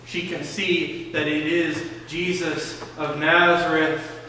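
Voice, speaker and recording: A man preaching a sermon as pastor, slowly retelling a scripture story and often repeating words. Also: fairly high pitch, level tone, sharp tone, a little hiss or hum. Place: church sanctuary. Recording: echoey church hall from a distance.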